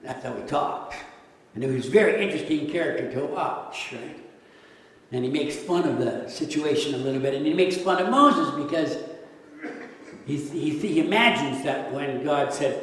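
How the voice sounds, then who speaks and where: A man delivers a sermon in a relaxed, conversational way, often checking in with rhetorical questions. His voice sits a little high for a man. It reaches the microphone from some distance, with heavy echo and a long reverb from a large church hall. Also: normal speed. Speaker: pastor. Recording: echoey hall, mic at a distance.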